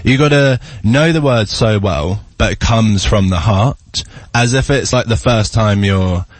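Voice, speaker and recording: A man's voice: lowish voice, a little slow, no room sound. A man, a singer and actor, chatting as a radio guest and telling stories with frequent laughs. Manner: laughs often, tells stories. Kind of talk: casual interview chat. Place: radio studio.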